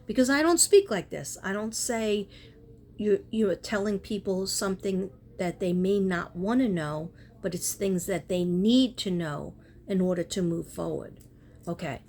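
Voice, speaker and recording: A woman's voice: mid-range voice, steady tone, measured pace, mellow, a little hiss or hum. A woman chatting casually in a spiritual vlog, rambling and earnest, often breaking off and restarting. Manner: rambling, self-interrupting, earnest. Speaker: spiritual artist and vlogger.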